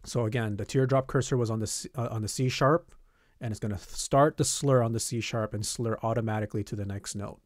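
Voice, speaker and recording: A man's voice: mid-range voice, steady tone, fairly quick, no room sound. A man talks students through a music notation program one step at a time, in a dry, close voice-over with no room sound. He is a band teacher and keeps checking in with "okay" and "all right" between steps. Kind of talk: screen-recorded software tutorial.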